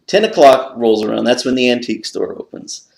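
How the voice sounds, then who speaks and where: A man vlogging about a lucky find, telling the story with lots of excitement and leaping up in pitch when he relives his panic. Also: a little fast, creaky. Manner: excitable, jumps up high when retelling his own panic. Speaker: pipe collector vlogger. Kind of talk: animated storytelling to camera. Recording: echoey room.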